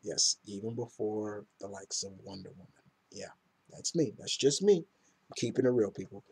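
A man's voice: fairly low pitch, expressive, normal speed, gravelly, a little mellow, husky. A man casually reviewing comic books in a rambling, enthusiastic way with many fillers.

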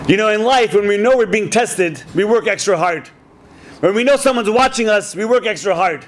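Very high-voiced man giving a sermon. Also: normal speed, a little hiss or hum. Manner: animated storyteller who acts out quoted speech; sprinkles Hebrew religious terms. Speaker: rabbi. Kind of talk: sermon to a community audience.

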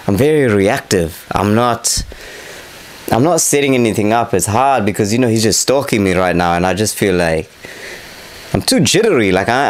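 Recorded in low quality, this mid-range male voice belongs to a young man giving casual commentary on his own boxing match as the footage plays. He's candid and self-critical, and he curses without holding back.

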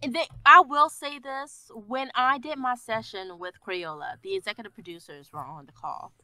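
A woman guest voice actor chatting casually on a podcast, animated and laughing often. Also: fairly high pitch, moderate pace, no room sound.

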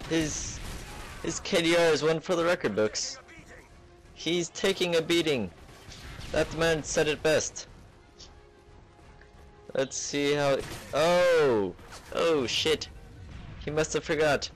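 A man's voice: fairly low pitch, fairly even intonation, slow, creaky, hardly any pauses, soft background music. A man putting on a vague foreign accent as a mocking play-by-play commentator over gameplay. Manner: dry, mocking play-by-play narration. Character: male mock commentator in a made-up foreign accent.

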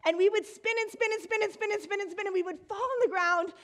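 A woman from the United States tells her story to an audience in a high, bright voice. She talks in an animated way, laughs often, and now and then breaks into excited shouts. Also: quick pace. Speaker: speaker giving a talk.

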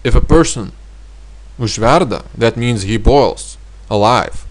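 Guy teaching words, lots of uhs, repeats each word twice. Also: medium pitch. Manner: explains slowly, repeats words twice, many hesitations. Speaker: language teacher. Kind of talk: spoken vocabulary lesson.

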